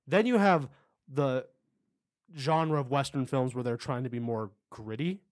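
A man's voice: medium pitch, measured pace, no echo, clean studio sound. A man co-hosting a podcast in casual chat, enthusiastically retelling game scenes. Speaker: podcast co-host.

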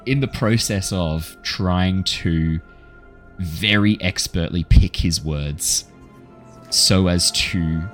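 A man narrating as dungeon master in a measured, descriptive way. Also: deep voice, fairly bright tone, faint music behind. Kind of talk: narrating a tabletop game.

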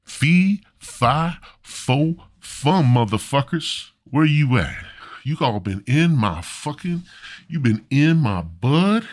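A man's voice: on the high side, lively intonation, slow, no room sound, studio quality, voice pushed up. Man doing a bellowing, furious God. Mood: angry. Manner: loud and bellowing, chanting "fee fi fo fum". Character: gruff booming God, angry about his stash.

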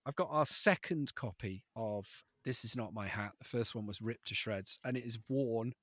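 A man's voice: medium pitch, normal speed, no room sound, studio quality. A man in his thirties, a comedian telling funny stories and acting out voices. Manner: animated, acts out voices and quotes. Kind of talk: comic storytelling.

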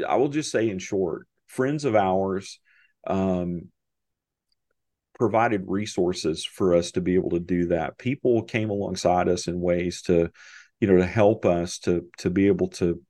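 A middle-aged man, a podcast guest, telling a personal story in a halting, emotional way with many restarts. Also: low voice, dark tone, no echo. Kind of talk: conversational storytelling.

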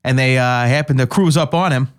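A man co-hosting a casual podcast, easygoing and quick to agree. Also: medium pitch. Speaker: podcast co-host. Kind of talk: casual chat.

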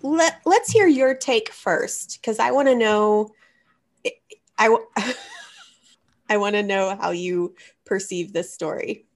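A woman's voice: mid-range voice, slow pace, long pauses. A woman hosting a casual chat, wry and emphatic, calling herself cynical. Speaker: podcast host.

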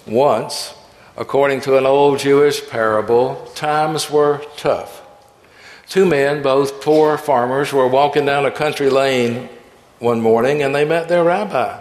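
A man preaching a sermon in a church sanctuary, voice of middle pitch with a long reverb trailing each phrase. He reads scripture and tells parables, giving the quoted lines their own voice. The room is roomy and echoing. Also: fairly even intonation, takes it slowly. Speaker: pastor. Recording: echoey, reverberant church hall.

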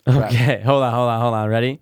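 A man's voice: medium pitch, steady tone, fast, a little mellow, clean tone, dry recording, studio quality. Joking young man, crude podcast banter. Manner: joking and teasing. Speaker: podcast co-host.

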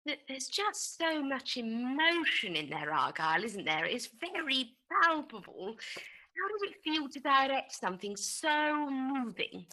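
A woman's voice: sits high, very animated, a little slow, pushed and bright, heavily acted, low-quality recording. A woman playing a fawning, effusive radio interviewer in a comedy sketch. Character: gushing, flattering female radio interviewer.

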